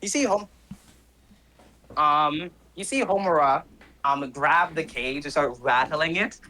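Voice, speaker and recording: A man's voice: a little high, slow, sharp tone, low-quality recording. A man narrating as game master of a tabletop game, casual and full of fillers and self-corrections.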